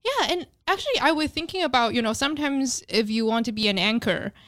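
A woman with a Taiwanese accent and native Mandarin, hosting a casual podcast chat in English, lively and quick to laugh, with many "you know" fillers. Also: fairly high pitch, no echo, studio quality. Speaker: podcast host.

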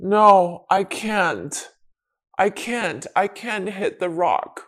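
A gentle Triceratops parent, voiced by a woman, calm and reassuring in a storybook tale. The voice sits a little high and moves lively, with very slow, drawn-out words. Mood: defeated. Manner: soothing then defeated, drawn-out.

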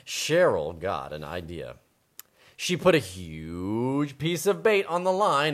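A man's voice: mid-range voice, slow pace. A man reading a picture book aloud on a podcast, playful and joking. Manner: playful, joking, lively storyteller. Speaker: podcast co-host reading the story.

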